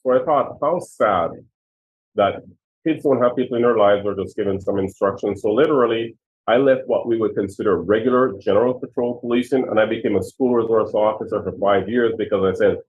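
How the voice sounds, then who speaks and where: A man in his sixties speaks earnestly and with emphasis as he tells his own stories. His voice sits fairly low, and it comes through a thin, tinny line that sounds like a phone. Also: brisk. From Jamaica. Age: 60s. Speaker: retired police chief. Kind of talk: personal storytelling in an interview.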